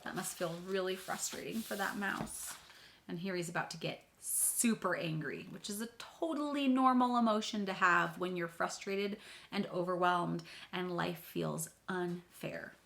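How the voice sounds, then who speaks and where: A woman's voice: fairly low pitch, a little slow, gravelly, a bit bright. A woman reading a picture book aloud to children, explaining words and talking to them directly in a friendly way. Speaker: read-aloud teacher.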